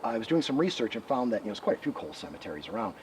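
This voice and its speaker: A man who researches the paranormal, telling ghost stories in an animated interview outdoors by a rural road. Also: fairly low pitch. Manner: animated, quick storytelling. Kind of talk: storytelling interview. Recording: distant mic, outdoor traffic noise.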